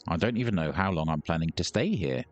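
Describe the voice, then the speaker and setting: A man's voice: low voice, lively intonation, fast, muffled recording, faint music behind. A man recording let's play commentary on a headset mic, joking, swearing and mocking the game's characters. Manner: jokey, swears, mocks the characters. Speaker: gaming YouTuber.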